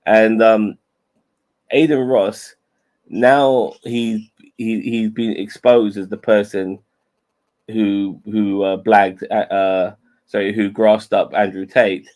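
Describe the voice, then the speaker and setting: A man's voice: fairly low pitch, little pitch movement, takes it slowly, a little mellow. A man co-hosting a casual podcast chat, hesitant and sweary, with many stammered restarts. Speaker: podcast co-host.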